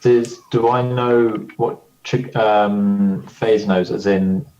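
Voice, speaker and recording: A man's voice: fairly low pitch, steady tone, takes it slowly, darkish tone, lo-fi sound. A man playing a tabletop game, talking casually and thinking aloud. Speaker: player. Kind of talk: tabletop role-play.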